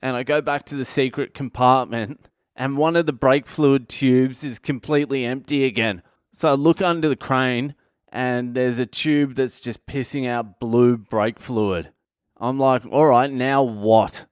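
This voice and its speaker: Male comedian, mid-pitched, profane rambling storyteller, dry recording. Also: fairly even intonation, a little slow, smooth, dry recording. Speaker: comedian and podcast host. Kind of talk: casual comic monologue.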